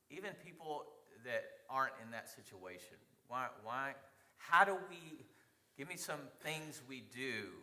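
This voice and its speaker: A man teaching a church Sunday class, telling a story in an animated way, often laughing and acting out the lines of the people in it. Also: mid-range voice, in a large hall. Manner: animated, laughing, acts out quoted dialogue.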